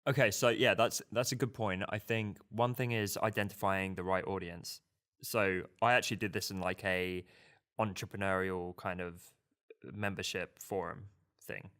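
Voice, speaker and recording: A man's voice: low-pitched, steady tone, moderate pace, fairly bright tone, clean tone. A man co-hosting a design podcast, talking casually with loose, rambling sentences and frequent restarts. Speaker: podcast co-host.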